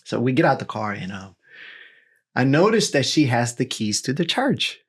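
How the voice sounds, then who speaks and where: A man in his forties, a pastor, telling his personal testimony in a lively storytelling way, full of "you know" and "right?". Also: mid-range voice, moderate pace, breathy edge. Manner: animated storytelling with filler words.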